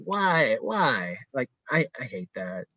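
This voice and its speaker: A man hosting a podcast in relaxed casual chat, talking loosely with plenty of "like" and "man". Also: mid-range voice, slow pace, slightly rough, no room sound. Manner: easygoing, filler-heavy talk with many "like" and "man". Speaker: podcast host.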